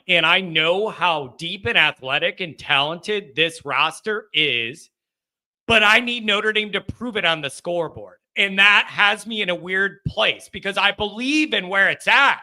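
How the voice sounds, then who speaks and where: An excitable man hosts a casual call-in sports show. His voice sits high and rings sharp and bright. He banters loosely and keeps the talk moving. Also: measured pace. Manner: excitable, reads viewer chat aloud and banters.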